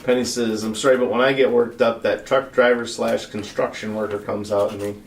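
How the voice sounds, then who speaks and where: A man reads viewer comments aloud and jokes along in a relaxed, easy way. His voice bounces around an echoey room and comes from some distance off the mic. Noise can be heard clearly behind him. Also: fairly low pitch, fairly quick. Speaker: co-host reading viewer comments. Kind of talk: casual livestream chat.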